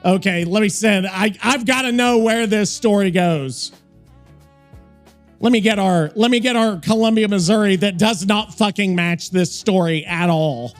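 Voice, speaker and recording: Male host, casual stream chat, excitable, lots of swearing, high voice. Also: unhurried, faint music behind. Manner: excitable, swears a lot, laughs along. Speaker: show host.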